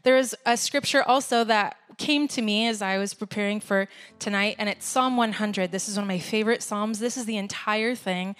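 A woman's voice: medium pitch, normal speed, fairly bright tone. A woman leading a church service, talking casually and laughing at herself. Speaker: worship leader. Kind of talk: sermon with casual asides.

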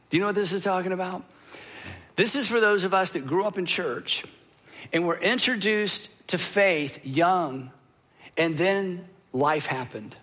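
A man preaching a sermon in an earnest, emotional way, with dramatic pauses and repeated phrases. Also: sits high, fairly bright tone. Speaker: pastor.

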